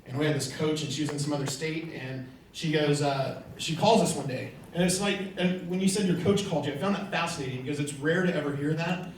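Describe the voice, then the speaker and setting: A man's voice: a little high, fast talker, slight background noise. Storytelling man echoing in a big hall. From California. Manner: storytelling, acting out quoted conversations. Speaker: motivational speaker. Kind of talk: motivational speech with stories. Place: large hall before an audience. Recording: echoey hall, mic from far off.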